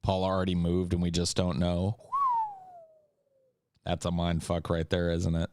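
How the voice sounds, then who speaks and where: A man's voice: low voice, monotone, measured pace, darkish tone, smooth, dry recording. A man hosting a casual Q&A chat, joking and swearing in an offhand way. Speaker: host.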